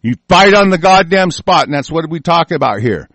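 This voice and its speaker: A man's voice: a little high, expressive, normal speed, fairly bright tone, dry recording. A man hosting a talk show, delivering a furious, profane and confrontational political rant.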